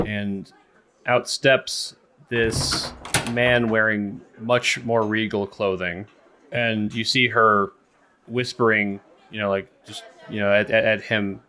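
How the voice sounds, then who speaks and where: A man's voice: on the low side, sharp tone, a little hiss or hum. A man narrating a tabletop game as game master, rambling with many fillers.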